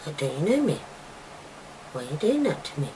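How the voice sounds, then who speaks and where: A woman's voice: low voice, sing-song, fairly quick, background noise. Woman telling a raw story. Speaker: mother telling her daughter her story. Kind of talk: candid personal account.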